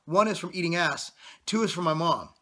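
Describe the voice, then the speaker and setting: A thirty-something bodybuilder vlogger fires off a profane, no-nonsense motivational speech at the camera. He talks briskly in a fairly high, bright, forceful voice.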